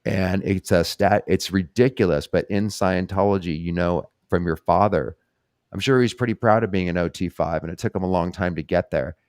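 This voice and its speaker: Low-voiced, candid male podcast host. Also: normal speed, a little mellow, smooth, dry recording, studio quality. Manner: candid, swears casually. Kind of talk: casual conversational interview.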